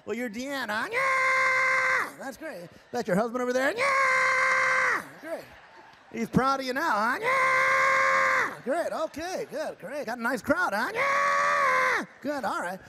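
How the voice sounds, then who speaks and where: A man's voice: very high voice, animated, a little fast, hardly any pauses, raised voice, very noisy. A man hosting a ventriloquist stage show, folksy and teasing as he coaxes audience volunteers. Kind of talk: live stage comedy banter. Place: large theatre stage with audience.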